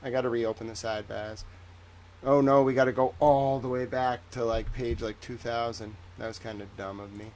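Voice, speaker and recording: A young man hosting a livestream, talking casually in a chatty, rambling way that turns animated when he is indignant. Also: mid-range voice, moderate pace. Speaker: livestream host.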